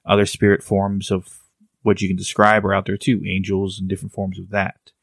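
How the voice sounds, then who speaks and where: A man's voice: low voice, monotone, brisk, dry recording. A man co-hosting a podcast, talking casually and rambling through restarts as he explains ideas. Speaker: podcast co-host. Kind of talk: casual chat.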